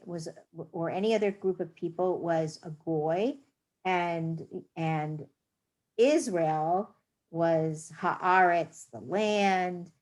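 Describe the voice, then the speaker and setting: A woman's voice: on the low side, a little mellow. A woman teaching a reading class, patiently sounding out words and explaining rules. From United States.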